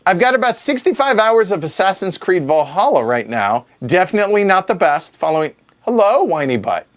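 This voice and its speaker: A man hosts a livestreamed Q&A at home, reading viewer questions aloud into a mic in front of the camera. His voice sits a little high and swings widely in pitch. He answers with quick, joking asides. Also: very animated. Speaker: board game show host. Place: home streaming room.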